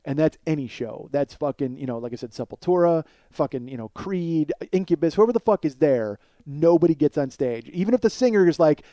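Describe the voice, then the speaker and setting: Male podcast host, profane animated storyteller, mellow slightly high voice, dry sound. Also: no room sound, dull audio. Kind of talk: comedic storytelling monologue.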